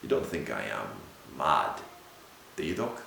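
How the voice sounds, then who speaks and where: A man's voice: very deep voice, very animated, measured pace, creaky, slight background noise, pitched below the performer's own voice, heavily acted. A man playing a haunted, feverish sea captain. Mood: hushed, desperate. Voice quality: swings from shouting to hushed murmurs. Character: feverish haunted male ship captain, unstable. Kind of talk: audiobook reading of a Victorian ghost story. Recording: very echoey room.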